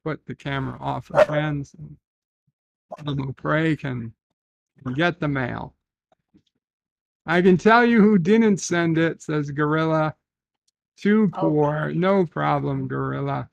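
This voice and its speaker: Gravelly, slow-talking male streamer. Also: fairly high pitch, dry recording. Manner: rambling, reads chat aloud, thinks out loud. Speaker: live stream host. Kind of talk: casual livestream chat reading viewer comments.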